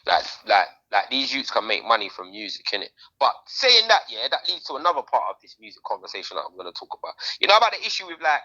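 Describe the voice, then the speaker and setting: A man, co-hosting a podcast in casual, slangy, animated chat. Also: mid-range voice, quick pace, hardly any pauses, lo-fi sound. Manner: animated, slangy, talks over others. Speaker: podcast co-host.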